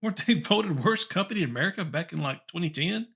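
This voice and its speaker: A man's voice: sits high, lively intonation, fast talker, gravelly, fairly bright tone, slightly rough. A man hosting a comedy show, reading old top ten lists aloud with chuckles and wry asides. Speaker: host.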